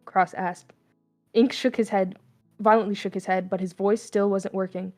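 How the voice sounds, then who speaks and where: A young woman reads fan fiction aloud in a casual, unpolished way, often stumbling and restarting. Her mixed accent keeps slipping toward Southern US. The pitch sits at an ordinary middle for a woman. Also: fairly even intonation, moderate pace, darkish tone, soft background music. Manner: casual, stumbling, laughing asides.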